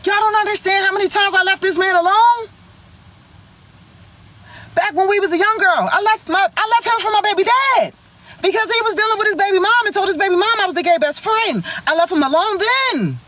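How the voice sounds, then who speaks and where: A young woman telling a story in a vlog, animated, slangy and full of swearing. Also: extremely high pitch, brisk.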